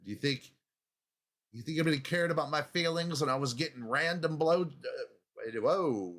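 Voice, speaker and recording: A man's voice: on the high side, moderate pace, fairly bright tone. A man in his fifties, hosting a comedy show, delivering a crude, profane, rambling rant and laughing at himself. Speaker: show host.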